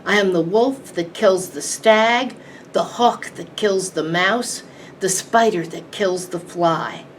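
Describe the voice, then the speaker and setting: A woman voicing an ancient towering tree monster with a booming, declaiming voice, recorded from a distant mic. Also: expressive, slow pace. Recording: distant mic, faint background hiss.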